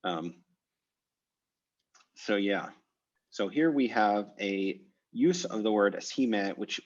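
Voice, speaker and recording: Low-voiced man teaching over a call. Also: lo-fi sound. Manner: thinks aloud with many fillers and restarts. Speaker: language teacher. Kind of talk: online class discussion. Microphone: video call.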